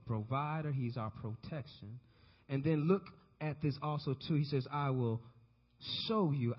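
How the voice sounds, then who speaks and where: A man preaching a sermon to a congregation, calling on the listeners to answer back and repeat after him. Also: fairly high pitch. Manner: call-and-response preaching, asks congregation to repeat. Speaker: pastor. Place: church sanctuary. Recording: dull recording with long hall reverb.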